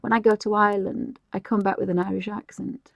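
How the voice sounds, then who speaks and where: A woman's voice: medium pitch, flat delivery, a little fast, vocal fry, no room sound, muffled recording. A middle-aged woman from England chatting casually while she colours on a live stream, rambling with restarts and light laughs.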